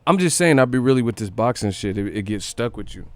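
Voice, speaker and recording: Guy hosting a live stream, slangy and cussing, smooth clear voice, dry close sound. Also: mid-range voice, lively intonation, quick pace, dry recording. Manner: slangy, profane, laughs often. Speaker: host. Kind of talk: livestream commentary.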